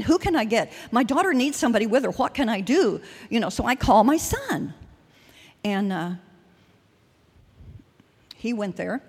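An older woman preaches with earnest feeling, sharing testimony in a loose, rambling way full of restarts. Her voice sits at a middle pitch and rings out with a long hall reverb. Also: husky. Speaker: speaker at a church service. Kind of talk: sermon with personal testimony.

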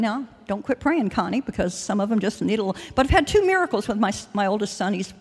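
A woman's voice: medium pitch, animated, quick pace, few pauses, breathy edge. Older woman preaching in a reverberant hall. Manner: earnest, rambling with restarts and fillers. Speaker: speaker at a church service. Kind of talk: sermon with personal testimony.

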